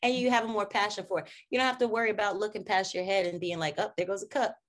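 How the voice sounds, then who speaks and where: A young woman singer talks in a loose, animated way, goofy and open. She drifts into playful voices and drops back to a plain, mid-pitched tone. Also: fast. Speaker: R&B singer, interview guest. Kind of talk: casual interview chat.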